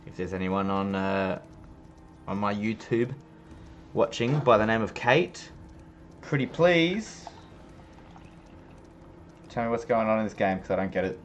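A man's voice: fairly low pitch, moderate pace, slight background noise. Chatty man streaming a game. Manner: chatty, joking, swears casually. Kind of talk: casual gameplay commentary.

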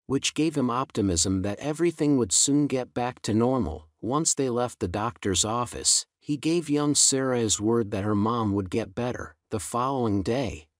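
A man narrating a scripted melodramatic story in an even, unhurried reading. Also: medium pitch, no room sound, studio quality.

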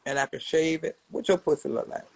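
A woman in her seventies delivering a profane trash-talking response rant to a rival. She is brash and mocking, and swings between low mutters and loud jabs. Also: steady tone, brisk, gravelly, slightly rough, no room sound, poor audio. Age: 70s. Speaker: social media personality answering a rival.

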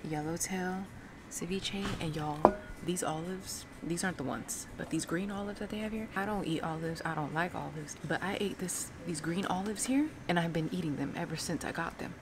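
A woman's voice: lowish voice, normal speed, heavy background noise. A woman in her thirties vlogging casually, gushing and emotional as she talks straight to her viewers. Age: 30s. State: teary. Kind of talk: casual travel vlog chat. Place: hotel room and terrace.

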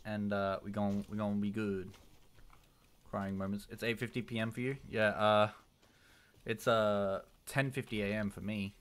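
A young man commentating his own live gameplay, jumping between loud yelps and low muttering. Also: little pitch movement, normal speed. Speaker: livestreamer. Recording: noisy home stream mic with key clicks.

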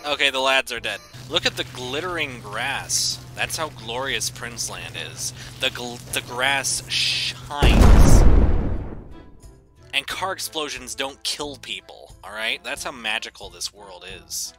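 A man giving goofy, excitable gameplay commentary, breaking into shouted bits. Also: mid-range voice, slow pace. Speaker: gaming YouTuber. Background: game music.

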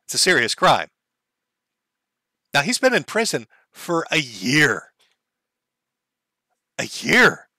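A man's voice: fairly high pitch, wildly swooping pitch, slow, pauses often, pushed and bright, dry recording. A man hosting a livestream, giving crude, sarcastic commentary and laughing often. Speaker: livestream host.

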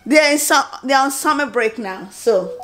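Chatty excitable woman vlogging at home. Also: sits high, normal speed, music in the background. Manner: chatty, excitable, self-interrupting. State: out of breath. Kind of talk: casual vlog chat to camera.

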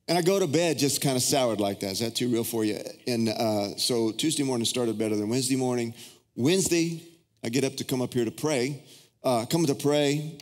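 In a big church hall with a long, echoing reverb, a middle-aged pastor with a drawl preaches to his congregation at a moderate pace. His plain narration stays at a middle pitch, but it shoots much higher whenever he acts out his pleading prayers. He tells personal stories loosely, without a script.

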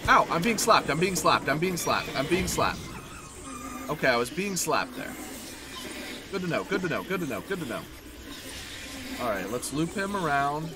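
A man talks through a horror game as he plays, taunting the enemy and yelping when he gets hit. His voice swings high and low, and his tone sits a little higher than most men's. A steady hiss of noise runs under the recording. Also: normal speed, pauses often. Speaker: gaming channel host. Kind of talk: horror game let's play commentary.

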